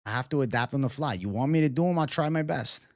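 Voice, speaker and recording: A man's voice: mid-range voice, fast talker, no echo, clean studio sound. A man hosting a casual live chat, bantering loosely and profanely with viewers. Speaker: livestream host.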